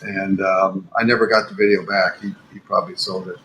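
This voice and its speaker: A man's voice: sits low, flat delivery, a little fast, pushed and bright, a little hiss or hum, poor audio. An older man telling a long story casually as a podcast guest, with many fillers and restarts.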